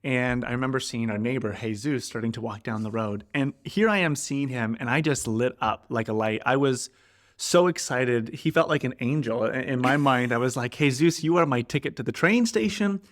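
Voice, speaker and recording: A man from Canada co-hosting a podcast, retelling a chaotic trip in a lively, animated way, acting out quotes and swearing. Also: medium pitch, normal speed. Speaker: podcast co-host. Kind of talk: casual storytelling chat.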